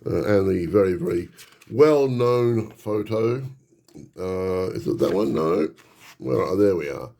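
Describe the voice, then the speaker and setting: Excitable man gushing over an unboxing. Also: deep voice, measured pace, creaky. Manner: excitable and nostalgic, gushing with frequent exclamations. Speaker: hobby channel host. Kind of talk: casual unboxing vlog.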